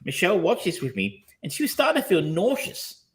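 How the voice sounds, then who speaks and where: A man's voice: sits high, huge pitch swings, a little fast. A man co-hosting a podcast, talking casually and rambling, with frequent ums, restarts and casual swearing. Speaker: podcast co-host reviewing films. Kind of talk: casual chat.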